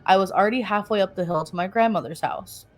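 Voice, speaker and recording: A woman's voice: mid-range voice, fast talker, faint music behind. A woman co-hosting a podcast, reading a first-person story aloud with laughing asides and self-corrections.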